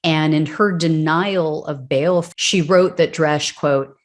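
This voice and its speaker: A woman's voice: low voice, takes it slowly. A woman hosting a political news show, reading out court record details and breaking in with wry, sarcastic asides. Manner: wry, sarcastic asides between read-out quotes.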